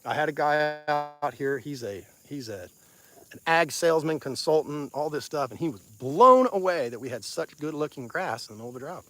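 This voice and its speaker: A man's voice: on the high side, moderate pace, fairly bright tone. A man with a Missouri accent, a rancher talking plainly and chattily with viewers in an outdoor phone livestream from his pasture. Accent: Missouri Ozarks. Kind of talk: casual outdoor livestream talk. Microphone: phone on a selfie stick.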